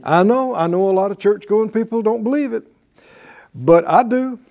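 Male pastor, fairly high mellow voice, emphatic call-and-response sermon in church. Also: moderate pace. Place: church before a live congregation.

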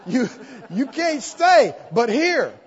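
A man preaching a sermon, telling an animated story and acting out the scenes as he goes. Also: extremely high pitch, slow, some chatter behind. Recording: dull sound, long hall reverb.

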